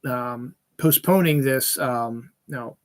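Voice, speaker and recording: A man's voice: medium pitch, takes it slowly. A man hosting his own podcast, ranting bluntly in casual talk, with frequent swearing. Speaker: podcast host. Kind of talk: casual solo podcast rant.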